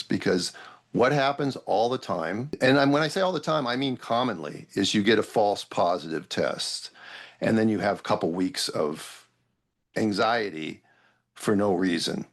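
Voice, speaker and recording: A man's voice: on the low side, animated, normal speed. A middle-aged male doctor, a guest on a podcast, explaining his views in an opinionated way and listing questions a patient should ask. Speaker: obstetrician guest. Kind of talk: podcast interview.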